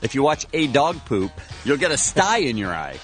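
A man's voice: mid-range voice, big pitch swings, normal speed, soft background music. A man co-hosting a morning radio show, chatting wryly and easygoing with callers and co-hosts.

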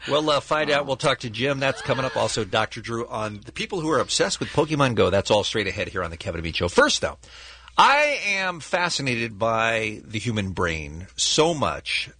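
Lively, husky-voiced radio host man. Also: mid-range voice, normal speed. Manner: leads the segment, storytelling with emphatic asides. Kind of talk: morning radio talk. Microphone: studio microphone.

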